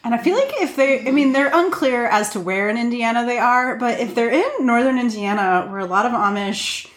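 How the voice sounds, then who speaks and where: A woman's voice: fairly high pitch, fairly quick. Dry-witted woman podcast host. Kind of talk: casual chat.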